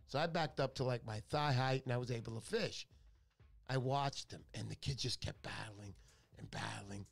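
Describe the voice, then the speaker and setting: Medium-pitched with vocal fry, a male radio host speaks at a moderate pace. He tells chatty, joking stories on his talk show that meander off topic.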